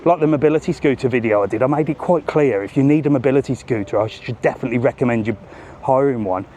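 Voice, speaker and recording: A man's voice: medium pitch, fast, mellow, a little hiss or hum. A man doing a live walking travel vlog, chatting and joking with passers-by. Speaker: travel vlogger. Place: outdoors on a seafront promenade.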